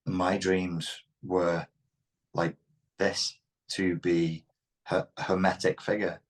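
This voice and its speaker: A man's voice: deep voice, little pitch movement, takes it slowly. A man with a Liverpool Scouse accent, speaking frankly and reflectively as an interview guest. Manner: reflective, frank, occasionally swears. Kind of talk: candid interview talk.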